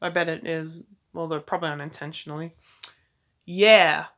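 A woman's voice: fairly low pitch, fairly even intonation, measured pace, fairly bright tone. A woman reading fanfiction aloud, stopping often for casual, wry asides and restarting words as she goes. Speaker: fanfiction reader.

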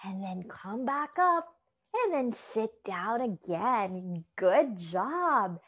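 A woman's voice: on the high side, very animated, very slow, fairly bright tone. A woman from the Philippines leading a children's yoga class, giving encouraging, sing-song instructions and asking questions. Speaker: kids' yoga teacher.

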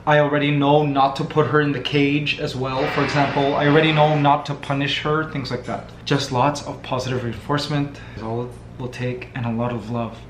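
A man vlogging at home, talking to his pet parrot in coaxing, sing-song baby talk between calm explanations. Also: mid-range voice, fairly quick, few pauses, noisy background.

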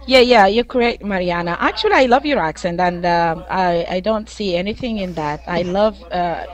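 A woman with a lowish voice joins an online discussion. She speaks earnestly, eagerly agreeing with others and filling her pauses with soft "uh"s. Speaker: participant. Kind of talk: casual video-call discussion.

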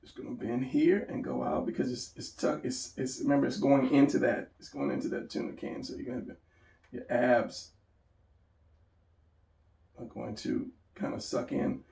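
A gravelly-voiced man with a mellow tone walks through a drawing lesson in a loose, rambling way, talking to himself as he sketches. He sounds a little away from the mic, in an echoey room. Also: mid-range voice, wildly swooping pitch, moderate pace, distant mic. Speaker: drawing instructor. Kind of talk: casual drawing tutorial.

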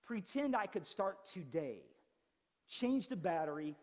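A pastor in his forties preaching an animated, conversational sermon with touches of humor. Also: on the high side, normal speed, in a large hall. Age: 40s. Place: church sanctuary.

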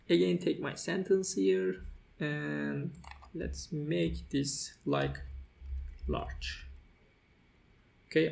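A man's voice: a little high, gravelly, a little mellow. A man hosting a screen-recorded coding tutorial, talking through each step as he types, with fillers and restarts. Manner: walks through steps as he types, with fillers and self-corrections. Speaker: tutorial host.

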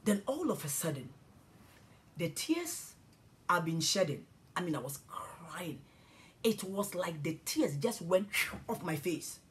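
A woman from Ghana telling a spiritual testimony, animated and emotional, with hushed, awed passages. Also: lowish voice, measured pace. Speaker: Christian speaker.

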